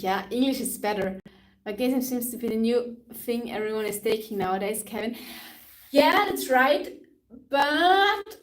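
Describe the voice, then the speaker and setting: A young woman with an Austrian accent chatting on a live stream as a fitness trainer, upbeat and quick to laugh, moving between English and German. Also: a little high. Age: young adult. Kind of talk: casual live-stream chat answering comments. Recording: echoey room, voice from a distance.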